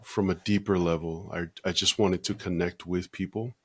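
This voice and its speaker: A man in his fifties from the United States, a podcast guest speaking slowly and thoughtfully with many pauses. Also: deep voice, steady tone, a bit bright, breathy edge, dry recording, clean studio sound. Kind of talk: casual interview talk.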